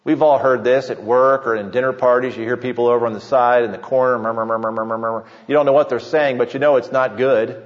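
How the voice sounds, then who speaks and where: A pastor delivering a sermon with emphatic preaching, slowing down to stress key points. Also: male voice, medium pitch, fairly even intonation, faint music behind. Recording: muffled sound with long hall reverb.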